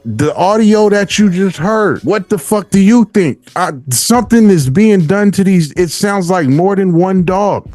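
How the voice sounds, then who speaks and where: A man hosting a podcast, talking casually in slangy, profane language and reacting with animated bursts. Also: high-pitched, a little slow, no echo, faint music behind. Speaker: podcast host. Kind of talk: casual commentary.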